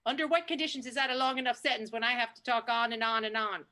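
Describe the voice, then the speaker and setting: A woman's voice: on the high side, fairly even intonation, fast talker, pushed and bright. A woman playing a talkative, self-righteous Canadian woman in an improv scene, rambling on and tagging lines with "eh". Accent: Canadian put-on. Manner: rambling, indignant, ends lines with "eh". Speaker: improv performer.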